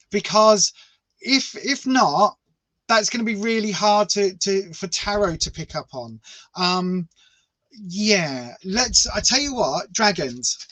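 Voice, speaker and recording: A man with a high, bright voice gives tarot readings live, chatty and playful and full of fond asides to his viewers. The sound is close and dry, with no room around it. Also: dry recording, low-quality recording. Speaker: tarot reader.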